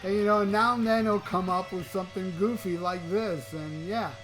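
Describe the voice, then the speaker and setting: A man's voice: high voice, steady tone, normal speed, fairly bright tone, soft background music. A man giving casual rock news commentary as a YouTuber, profane and mocking, often chuckling.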